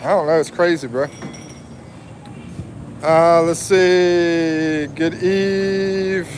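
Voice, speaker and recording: A slow-talking American man in his fifties chats easily on a livestream and answers viewers one by one. His voice sits a little high for a man, with faint street noise behind him. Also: fairly even intonation, a little mellow. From USA. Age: 50s. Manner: slow, chatty, reads viewer comments aloud and laughs often. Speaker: livestream host. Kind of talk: casual livestream chat.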